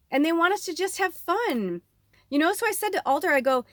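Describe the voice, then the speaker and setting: A woman medium giving a casual tarot reading, talking in an excitable, emotional way and swearing freely. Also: high-pitched, a little fast, no echo, clean studio sound. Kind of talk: casual spiritual reading chat.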